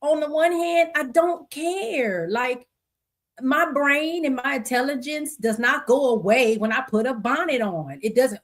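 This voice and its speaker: Animated, laughing woman podcast host. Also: sits high, a little slow. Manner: animated, laughs often, reads stories aloud with voices. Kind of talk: casual solo commentary. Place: home desk with two computer screens.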